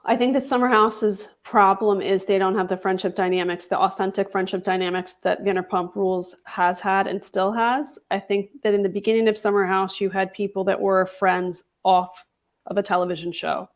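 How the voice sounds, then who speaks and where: A woman's voice: medium pitch, little pitch movement, normal speed. A woman guest in an interview, articulate and assured, explaining her views at length. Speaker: podcast host guest. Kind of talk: interview answers.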